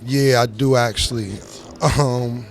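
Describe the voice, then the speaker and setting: A man's voice: medium pitch, a little fast, a little hiss or hum. A middle-aged man with a New York accent and a slight lisp, talking casually as an interview guest in a music club. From Harlem, New York. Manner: laid-back, drawling, with a slight lisp. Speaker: rapper guest.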